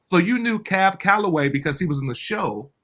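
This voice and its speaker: Male interview host, excitable, addresses viewers, lively pitch, slightly high. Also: fairly quick. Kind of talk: casual interview.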